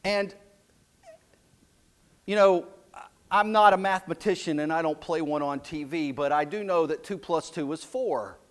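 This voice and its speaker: A man preaching a sermon as pastor, slow and emphatic, dropping his voice low and soft for key lines. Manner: slow, emphatic preaching with dramatic drops to a hush.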